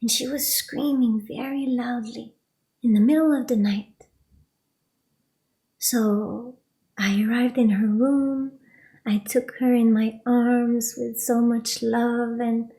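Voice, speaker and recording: A woman, a spiritual teacher, telling a personal story in a soft voice that often drops to a whisper. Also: on the high side.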